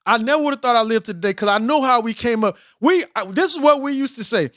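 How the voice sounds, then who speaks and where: A man in his forties hosts a casual podcast chat in a high, lively voice that leaps up and down. He talks with animation and quotes books at length. The sound is dry and close. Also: fast, few pauses, dry recording. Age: 40s. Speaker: podcast host.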